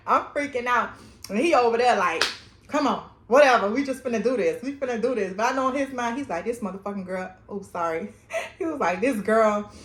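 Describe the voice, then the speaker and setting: A young woman vlogger telling a story in casual slang while eating, animated and often laughing. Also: mid-range voice. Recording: echoey room.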